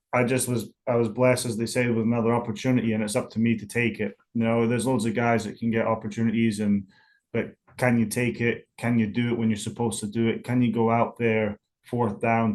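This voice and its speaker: A man's voice: lowish voice, a little mellow. A young man with a Scottish accent, a football punter talking casually as a guest in an interview and rambling through many fillers and restarts.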